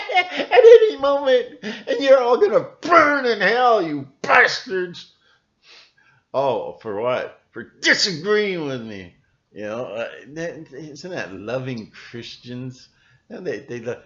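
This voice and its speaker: Slow, rambling sarcastic man. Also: medium pitch, bright, forceful tone, highs cut off. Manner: rambling, sarcastic, full of fillers and restarts. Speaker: video blogger. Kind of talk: casual rant to camera.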